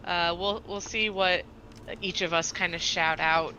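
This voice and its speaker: A woman's voice: fairly low pitch, fairly even intonation, measured pace, sharp tone, a little hiss or hum. A woman player sharing thoughts on a tabletop game session in a hesitant, casual way full of fillers. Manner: hesitant, filler-heavy, laughing. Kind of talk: casual chat.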